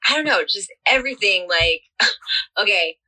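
Young woman podcaster, bright voice, talks in loops and restarts. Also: medium pitch, animated, measured pace, low-quality recording. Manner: rambling, many fillers and restarts. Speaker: podcast co-host. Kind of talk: casual chat about a TV series.

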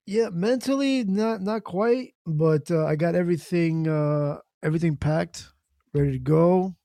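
A man co-hosting a loose podcast chat, his voice gravelly and mellow with a slightly raised pitch. He talks in a relaxed, easygoing way, and the sound is dry and close. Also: measured pace, no echo. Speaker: co-host.

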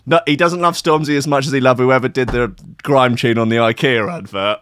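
Sweary, rambling radio host. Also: male voice, medium pitch, normal speed, a bit bright, a little hiss or hum. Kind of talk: casual radio chat.

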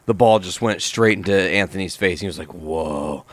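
A man with a fairly low voice tells stories on a podcast in a loose, swearing, animated way. The sound is close and dry. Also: brisk, dry recording. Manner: casual, profane, animated storytelling. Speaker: podcast host. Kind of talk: casual podcast chat, storytelling.

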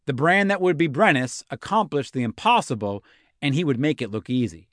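A man's voice: mid-range voice, expressive, brisk, a bit bright, dry recording, clean studio sound. A man hosting a history podcast, narrating a scripted story with wry, sarcastic asides. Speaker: podcast host.

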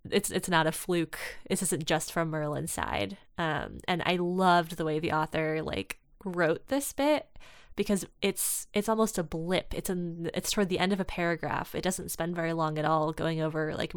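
A woman chatting casually, retelling a story and acting out the characters' lines with lively energy. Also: low voice, moderate pace, clean tone, dry recording, studio quality. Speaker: podcast co-host discussing fan fiction. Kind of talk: casual chat.

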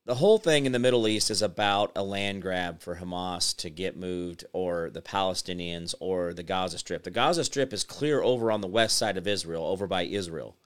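Man, host, casual commentary, rambling, direct address, lowish pitch, smooth clear voice. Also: moderate pace, hardly any pauses. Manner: rambling, talks to his audience directly.

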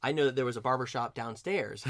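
A man in his forties hosting a chat, telling stories in an animated way. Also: brisk, dry recording, studio quality. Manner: animated storyteller, rises in pitch when excited. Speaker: host, barbershop singer. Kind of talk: conversational interview.

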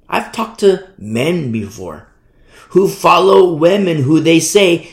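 A tired man preaching a sermon in a lively way, acting out the people he quotes. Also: on the high side, slow, roomy sound. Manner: animated, mimics the people he quotes. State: tired from no sleep.

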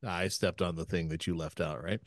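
A man's voice: sits low, fairly even intonation, fairly quick. A man co-hosting a casual podcast, teasing the others with playful questions. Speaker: podcast co-host. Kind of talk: casual chat.

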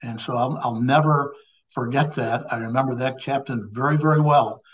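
A man's voice: medium pitch, steady tone, normal speed, lo-fi sound. A man in his seventies from Illinois, a guest on a podcast telling a long anecdote in a rambling way with many restarts. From Illinois, USA. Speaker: guest, former law enforcement official and Navy veteran. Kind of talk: conversational storytelling.

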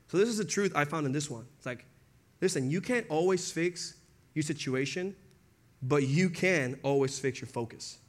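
A man's voice: fairly high pitch, animated, moderate pace. A young man preaching a casual sermon, talking conversationally, acting out quotes and laughing often.

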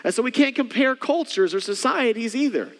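A man preaching a sermon in a church, talking conversationally to the congregation, repeating key phrases and slowing down to stress them. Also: extremely high pitch, lively intonation, in a large hall. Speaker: pastor.

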